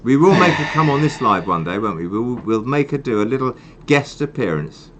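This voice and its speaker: A man's voice: medium pitch, sing-song, brisk, noisy background. An older man hosting a charity live stream, chatting in a rambling, self-mocking way. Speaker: charity host. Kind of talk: casual live-stream chat.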